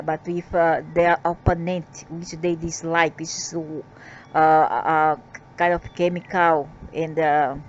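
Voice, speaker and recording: A woman's voice: lowish voice, dull audio, slight background noise. A woman reading out channeled spiritual messages in a rambling way, breaking into defiant, scolding asides.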